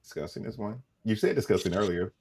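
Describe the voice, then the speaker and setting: A man's voice: fairly low pitch, fast talker, darkish tone, breathy edge. A man co-hosting a casual podcast, chiming in with short agreeing asides. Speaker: podcast co-host.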